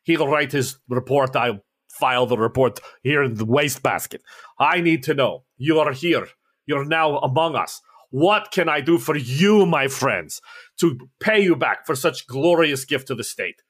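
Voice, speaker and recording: A man's voice: mid-range voice, unhurried, a bit bright, breathy edge. A man voicing a boisterous Russian male officer with a Russian accent, jovial and grandiose.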